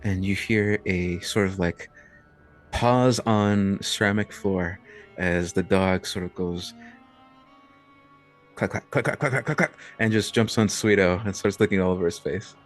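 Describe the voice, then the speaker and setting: Deep-voiced man narrating a tabletop game. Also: fairly even intonation, a little slow, faint music behind. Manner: loose and rambling, with many fillers. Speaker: game master.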